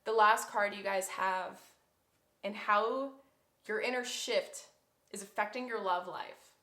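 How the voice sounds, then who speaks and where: A woman reads tarot cards aloud for her viewers, effusive and openly emotional as she goes. Her voice is bright and forward. The sound carries a roomy echo. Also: medium pitch, slow. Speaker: tarot reader. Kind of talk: pick-a-card tarot reading.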